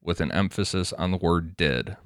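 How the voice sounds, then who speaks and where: Low-voiced man reading case notes. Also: moderate pace, no echo, studio quality. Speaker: podcast co-host. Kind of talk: casual true-crime podcast chat, reading quotes aloud.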